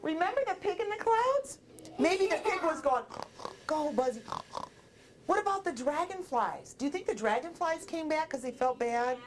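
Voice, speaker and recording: Lively woman children's author, swoops around a lot, keeps quizzing the little ones. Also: very high voice, normal speed, noisy background. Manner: animated, coaxing, asks kids questions. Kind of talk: talking with young children about a picture book. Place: television studio with children.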